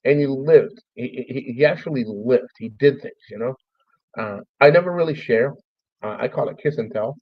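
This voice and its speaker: Male streamer, heartfelt and halting storytelling, dry dull-sounding mic. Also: mid-range voice, dry recording. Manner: halting, repeats words, profane, heartfelt. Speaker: streamer host. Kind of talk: emotional personal storytelling.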